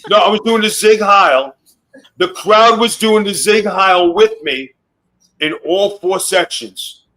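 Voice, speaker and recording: A middle-aged man, a guest on a podcast, telling wrestling stories in rough, swearing-heavy casual talk. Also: high-pitched, slow pace, bright, forceful tone, rough recording. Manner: profane, boastful storytelling.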